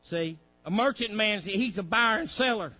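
A man's voice: high-pitched, normal speed, sharp tone, highs cut off, faint music behind. A male preacher, delivering a fiery sermon with folksy grammar, directing a reader and acting out pleading voices.

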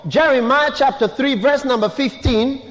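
A pastor with a very high, slightly bright male voice preaches at normal speed in a church hall, putting questions to the congregation and repeating key words. A long, large-hall echo lingers on his speech.

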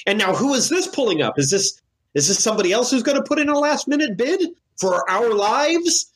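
A man voicing a wild-eyed, excitable male engineer who loves stirring up chaos, in a theatrical, exclaiming manner. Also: very high voice, brisk, a little hiss or hum, pitched above the performer's own voice, exaggerated voice. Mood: wild, mocking.

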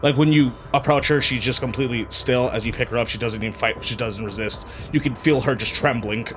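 A man narrating as game master of a tabletop game, in loose, low-key speech with fillers. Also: fairly quick, slight background noise.

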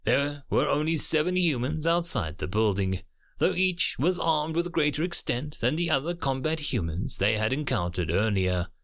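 A man narrating a dramatic story in a lively, animated voice whose pitch rises and falls a great deal. He reads steadily and expressively, like an audiobook. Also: normal speed.

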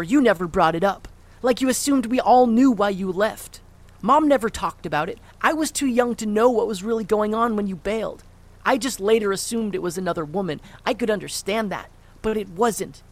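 A man's voice: sits high, normal speed, gravelly, long pauses. A man playing a bitter, cursing grown son. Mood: angry. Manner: blunt, cursing, cutting sarcasm. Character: grown son, bitter and sharp-tongued toward his father. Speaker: actor in an audio play. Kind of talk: audio drama acting.

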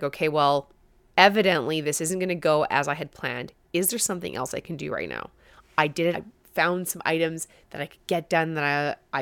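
A woman talks alone into a close mic as a podcast host, her voice sitting on the low side. She tells her own story candidly and animatedly, poking fun at herself. The sound is dry, with no room around it. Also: clear, resonant tone, dry recording. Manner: candid, animated, self-mocking storytelling with laughs. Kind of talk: solo podcast monologue.

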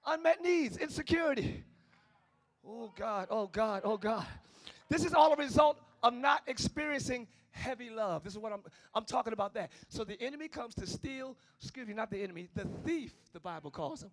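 A male pastor preaching a sermon in church, swinging between shouted lines and low, quiet passages. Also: expressive, moderate pace. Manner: preaching with call-outs, shifting between shouting and low tones. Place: church sanctuary.

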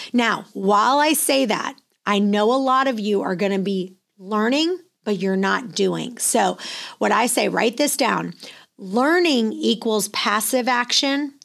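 A middle-aged woman giving a motivational talk, energetic and full of anecdotes told with acted-out quotes. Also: medium pitch, gravelly. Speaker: real estate business owner.

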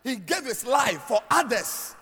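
A man preaching a sermon as a pastor. He talks emphatically in a sing-song cadence and swings from shouts down to near-murmurs. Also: very high-pitched, big pitch swings, measured pace, slightly rough. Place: church hall. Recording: long hall reverb with faint music.

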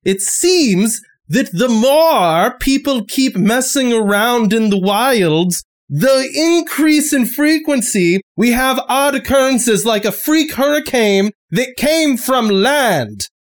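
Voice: mid-range voice, expressive, slow, few pauses, pitched above the performer's own voice. A game master voicing an exasperated, sarcastic male town sheriff who keeps repeating himself.

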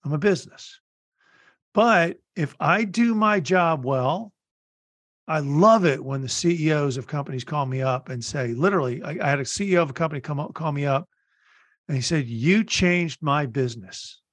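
A man hosting a business podcast, telling blunt, animated stories in a casual interview. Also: a little high, no echo. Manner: animated storytelling, blunt, fast bursts. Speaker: podcast host.

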